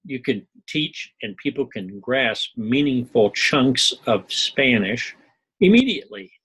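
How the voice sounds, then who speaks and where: A man's voice: medium pitch, slow, sharp tone, breathy edge, low-quality recording. A middle-aged man from Missouri giving a loose, digressive recorded lecture, full of asides and small jokes. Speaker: university instructor.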